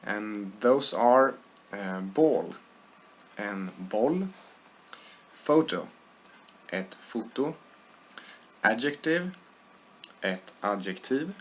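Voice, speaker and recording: A man teaching an online language lesson, reading word lists aloud and speaking in a deliberate, hesitant way with many filler sounds. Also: lowish voice, expressive, a little hiss or hum. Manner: deliberate, hesitant with frequent filler sounds, repeats words for learners.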